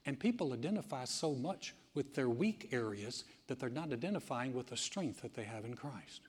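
A man's voice: medium pitch, moderate pace, breathy edge. Preaching man in a reverberant church hall. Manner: animated preaching, acting out quoted voices, congregation asides. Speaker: pastor. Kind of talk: sermon. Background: congregation responding.

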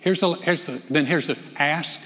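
A man preaching a sermon from the pulpit, animated, swinging from loud calls to hushed telling. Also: on the high side, normal speed, heavy background noise. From North Carolina. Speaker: pastor. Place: church sanctuary. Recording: long church hall reverb.

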